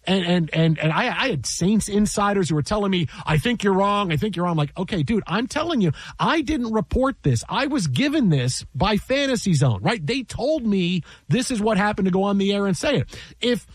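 Animated higher-voiced man telling a story. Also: normal speed, breathy edge, no echo. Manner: exasperated, repeats himself, acts out quotes. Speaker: sports broadcaster telling a story.

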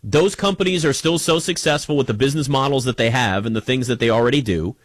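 A man hosting a sports talk show, giving a casual opinion monologue in an emphatic, animated way and speaking straight to the listener. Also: mid-range voice, fast, no room sound. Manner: conversational, emphatic, animated, addresses listener directly.

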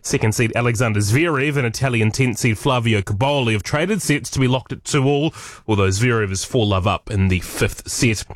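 A man reading the sports bulletin on a talk radio station in a brisk, measured way. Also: mid-range voice, dry recording, studio quality. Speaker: sports newsreader.

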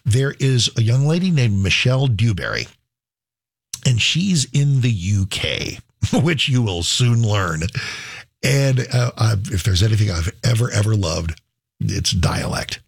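Guy hosting talk radio, gravelly low voice, rambly, lots of restarts. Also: very animated, dry recording, studio quality. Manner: rambling, halting, many restarts. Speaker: talk show host.

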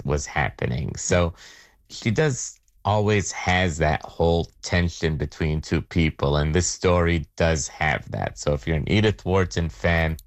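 A man, a magazine editor, giving thoughtful interview answers in a measured way with frequent restarts. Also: low voice, no room sound.

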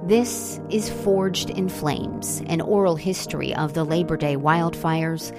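A woman reads radio narration in a polished, deliberate manner. Her voice is low. Music plays clearly beneath her. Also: steady tone. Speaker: radio host. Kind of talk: scripted narration.

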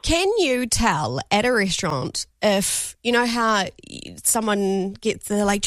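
A woman with a New Zealand accent hosting a breakfast radio show, chatty and quick to laugh, stumbling over tricky words. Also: mid-range voice, expressive, no echo. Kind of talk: casual radio interview.

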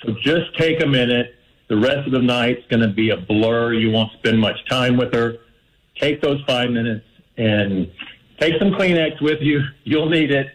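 A man's voice: mid-range voice, measured pace, poor audio. Male caller giving sincere advice, friendly, some ums, mid voice. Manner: earnest, friendly, a few fillers. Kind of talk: phoned-in advice.

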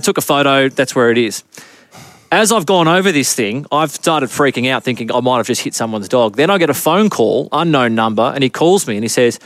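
A man's voice: medium pitch, animated, fairly quick, fairly bright tone, no room sound. A man co-hosting a radio show, chatting and defending himself as he tells a story. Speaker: radio co-host. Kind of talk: casual radio banter.

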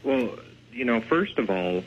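A man's voice: mid-range voice, lively intonation, a little slow, highs cut off, slight background noise. A man, a ghost investigator, explaining things in a radio interview, loose and full of fillers.

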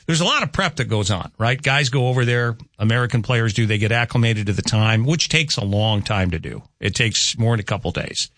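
A man's voice: medium pitch, a bit bright, no room sound, studio quality. A man hosting a local radio talk show, chatting casually with callers in a rambling, self-correcting way. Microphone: studio microphone.

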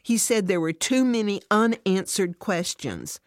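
A woman's voice: mid-range voice, animated, measured pace, no echo, voice pushed up, lightly acted. A woman voicing a defensive working mother who is easily upset and close to tears. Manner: indignant, near tears.

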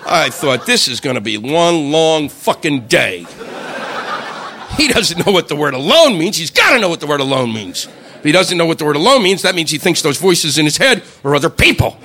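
Bright-voiced ranting man comedian. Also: a little high, sing-song, fast, a little hiss or hum. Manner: ranting, shouting in put-on voices. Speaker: stand-up comedian. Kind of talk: stand-up routine.

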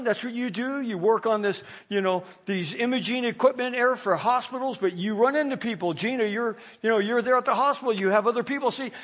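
A male pastor delivers a sermon in a high, light voice. He moves between reading scripture and joking with the congregation, acting out the figures in the passage. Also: husky. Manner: animated, jokey, acts out quoted figures.

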